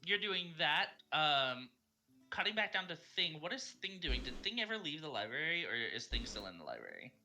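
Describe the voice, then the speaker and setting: Bright-voiced man running a tabletop game. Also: on the high side, sing-song, moderate pace, soft background music. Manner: hesitant, many ums. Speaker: game master.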